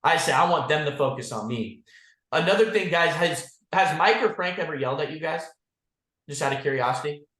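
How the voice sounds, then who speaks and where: Man, agency leader on a team call, blunt and profane, constant "like" and "guys", somewhat high voice, echoey room. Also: fairly quick, fairly bright tone. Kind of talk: motivational team call talk.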